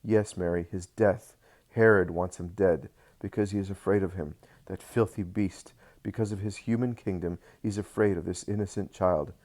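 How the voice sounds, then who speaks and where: A devoted husband speaks with firm, calm reassurance, as a man reads his part. The voice is very low and earnest, as in a slow storybook reading. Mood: reassuring.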